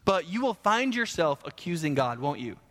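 A male pastor preaching a sermon in an animated, conversational way, full of rhetorical questions. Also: a little high, moderate pace. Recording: long hall reverb.

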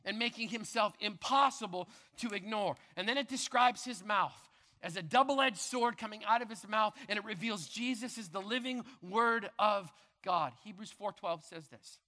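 A man preaching a sermon as pastor with impassioned delivery, rising to loud proclamations and dropping to hushed tones. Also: high voice, moderate pace. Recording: long reverb of a large hall.

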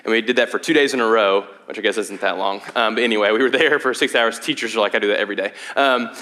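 Bright-voiced man preaching conversationally. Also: fairly low pitch, fast. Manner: conversational, stumbling restarts and fillers; hushed prayer, rising to animated storytelling. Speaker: pastor. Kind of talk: sermon.

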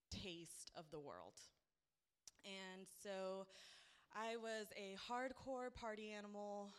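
A woman's voice: mid-range voice, fairly bright tone, clear, resonant tone. A woman giving a heartfelt personal testimony at church, speaking earnestly and building to emphatic praise.

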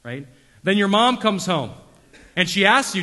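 Guy pastor telling stories in a sermon, kinda high voice, long echo from the hall. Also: big pitch swings, a little slow, pauses often, sharp tone. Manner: casual storytelling with self-deprecating humor, many fillers.

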